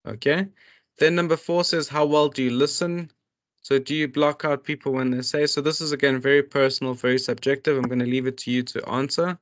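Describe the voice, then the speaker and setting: A man's voice: mid-range voice, fairly even intonation, a little fast. A man tutoring, reading out workbook questions and explaining each one, with many restarts and fillers. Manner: reads questions aloud then explains them. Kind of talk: walking students through a workbook.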